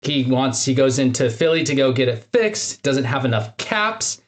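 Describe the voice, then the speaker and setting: A man's voice: medium pitch, big pitch swings, moderate pace. A man co-hosting a podcast, talking casually with lots of "like" and "right?". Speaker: podcast co-host.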